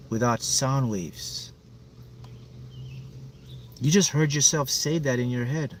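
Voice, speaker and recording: A man coaching on manifesting hosts a livestream in a mid-range voice, speaking slowly and pausing often against slight background noise. He drives his message home through emphasis and repetition to rally his viewers.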